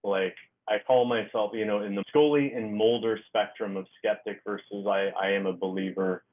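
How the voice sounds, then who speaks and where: A middle-aged man with a rather low voice tells a story in a halting way, full of "um" and "like" and restarts. His voice comes through a thin, tinny, phone-like line, as if over a video call. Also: fairly even intonation. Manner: halting, filler-heavy storytelling. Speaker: guest author. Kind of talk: casual storytelling interview.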